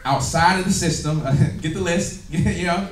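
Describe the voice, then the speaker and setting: Man, high voice, upbeat trainer bantering with a room; echoey hall, mic at a distance. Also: measured pace, some chatter behind, slight background noise. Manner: energetic, laughing, call-and-response with audience. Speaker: business trainer. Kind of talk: motivational training talk. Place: meeting room with audience. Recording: echoey room, recorded from afar.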